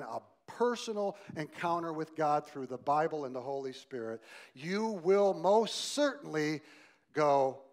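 A middle-aged man preaching as a guest speaker, animated and emphatic, swinging from loud bursts to hushed lines and getting the listeners to answer aloud. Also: fairly high pitch. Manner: asks the listeners to join in aloud. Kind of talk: sermon.

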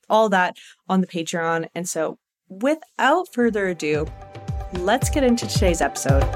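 A woman host in a casual podcast conversation, her voice sitting in the middle range and recorded dry and close. She tells stories with lively energy, slipping into quoted voices and breaking into laughter. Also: medium pitch, no echo. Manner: animated storyteller, acts out quotes with laughs. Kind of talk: casual chat.

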